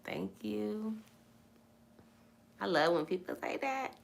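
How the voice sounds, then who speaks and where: A woman's voice: medium pitch, expressive, takes it slowly, gravelly. A young woman hosting a casual live-stream Bible talk, repeating phrases for emphasis as she preaches and reacts to viewer comments. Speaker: host of a live Bible chat.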